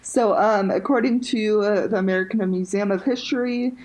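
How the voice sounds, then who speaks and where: A woman's voice: mid-range voice, normal speed, a little mellow, low-quality recording. A woman co-hosting a podcast, telling a story in a casual chat full of "like" and "um". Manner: chatty, heavy use of "like" and "um". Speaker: podcast co-host.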